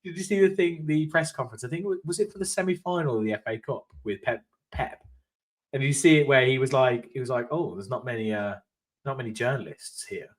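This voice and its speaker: A man's voice: on the high side, fast talker. A man chats on a football fan podcast. He tells anecdotes in an easy, conversational way. The talk is unscripted and casual. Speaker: podcast co-host.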